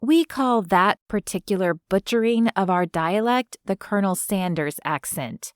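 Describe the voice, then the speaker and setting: Woman doing a wry friendly young southern woman, quick comebacks, dry close audiobook sound. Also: medium pitch, no echo, close to an everyday voice.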